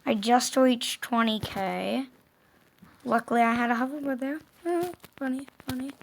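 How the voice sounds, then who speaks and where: Woman, casual gaming commentary, slow drawl, gravelly fry, excitable, talks to herself. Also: a little high, a little hiss or hum. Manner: excitable, yelps and groans at the game, talks to herself. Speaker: gameplay commentator.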